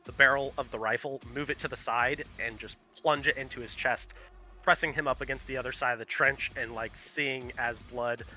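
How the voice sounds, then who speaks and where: A man's voice: mid-range voice, fairly even intonation, moderate pace, sharp tone, faint music behind. A man running a tabletop game as game master, casual and swearing, often laughing.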